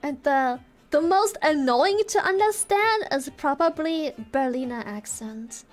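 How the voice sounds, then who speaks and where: High-voiced german woman streaming, slow easy talk, playful and giggly. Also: expressive, faint music behind. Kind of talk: casual live stream chat.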